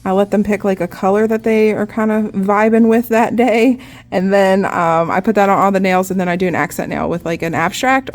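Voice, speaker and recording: Chatty woman teaching nail art. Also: medium pitch. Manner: chatty, relaxed, lots of "like". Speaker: nail artist. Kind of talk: casual step-by-step nail art tutorial.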